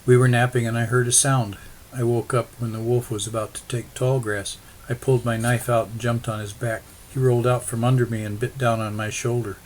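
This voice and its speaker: A man's voice: medium pitch, level tone, fairly quick, natural voice, rough recording. An earnest young wife and mother who speaks simply and directly, read by a man. The voice sits in an ordinary middle register. A faint noise hangs under it. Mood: shaken.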